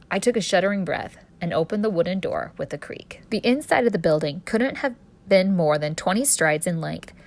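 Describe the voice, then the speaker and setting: A woman author narrating her own story in first person, expressive and storytelling in tone. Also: fairly low pitch. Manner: expressive storyteller, voicing a cheeky street boy.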